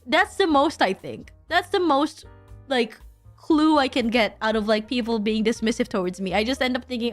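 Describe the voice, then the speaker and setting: A young woman rambles through a casual livestream chat, restarting often and tossing in self-deprecating asides. Her voice is a little high, expressive, at a normal speed, with soft background music.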